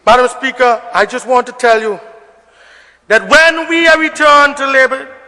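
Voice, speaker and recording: A very high-voiced man delivers a forceful, bright-toned parliamentary speech, hammering his points with repetition and bursts of shouting. His voice rings with the long reverb of a debating chamber. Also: fairly even intonation, moderate pace. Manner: emphatic, repetitive oratory, rising to shouts. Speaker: member of parliament.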